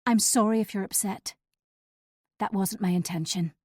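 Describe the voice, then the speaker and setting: An uneasy man picks his words with care and falters as he confronts a friend, as read by a woman narrator. The tone is warm and mellow. The recording is close and dry. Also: medium pitch, fairly even intonation, moderate pace, slightly rough, dry recording, natural voice. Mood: awkward, guarded. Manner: awkward, faltering.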